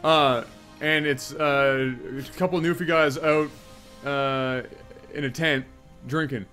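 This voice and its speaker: An excitable man with an East Coast Canadian accent commentates a strategy game, laughing often and swearing freely. His voice sits a little high for a man. He talks in a loose, joking way. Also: takes it slowly, soft background music. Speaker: game caster.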